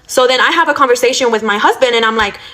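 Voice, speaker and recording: A young woman rattles off a storytime rant at a brisk clip, her voice sitting a little high. She is blunt and swears freely, packing every sentence with "like" and "you know". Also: sharp tone. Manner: blunt and profane, full of fillers like "like" and "you know". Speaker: storytime vlogger.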